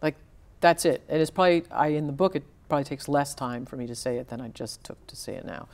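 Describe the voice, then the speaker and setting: In an easygoing interview, a novelist talks about her work in a notably low voice. She takes her time with her thoughts, breaking off and restarting to find her words, and speaks in a grounded, chatty way.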